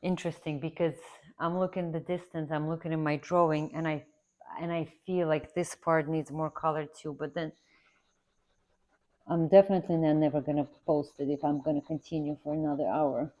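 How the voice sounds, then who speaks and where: Low-voiced woman chatting while she draws. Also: little pitch movement, moderate pace, dark tone. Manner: rambling, earnest, repeats herself for emphasis. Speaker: art instructor. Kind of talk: casual chatty tutorial while drawing.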